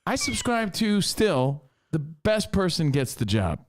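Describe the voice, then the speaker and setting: A man co-hosting a podcast, talking in an animated, opinionated casual way. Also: fairly high pitch, unhurried, a little hiss or hum. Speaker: podcast co-host. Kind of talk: casual chat.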